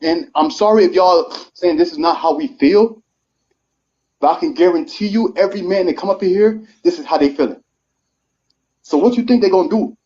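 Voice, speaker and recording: A thirty-year-old guest on a live stream delivers an emotional monologue, earnest and heartfelt, his voice rising as he pleads his case. He speaks in a high voice with a darkish tone at a moderate pace, and the audio is muffled.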